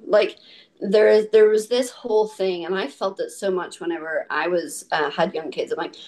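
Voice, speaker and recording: Irish woman, middle-aged, guest in casual chat, lively storyteller. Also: moderate pace. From Ireland. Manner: animated storyteller, acts out quotes with high pitch swings. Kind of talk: casual conversation.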